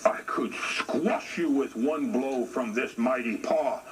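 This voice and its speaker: A man voicing a huge, mean, boastful male bear in a slow, booming, commanding way, in a noisy recording. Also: very animated, recorded from a distance, exaggerated voice.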